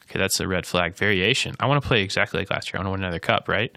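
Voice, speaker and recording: A man's voice: low voice, huge pitch swings, rapid-fire, vocal fry, few pauses, bright, forceful tone, no echo, studio quality. A man co-hosting a casual podcast chat, rambling and joking with many restarts. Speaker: podcast co-host.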